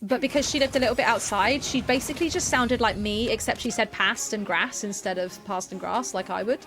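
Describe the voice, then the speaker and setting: A woman's voice: a little high, over music. A young woman, chatting casually and rambling a little as a streamer and game master. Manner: chatty, rambling, quick laughs. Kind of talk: casual chat to a live chat.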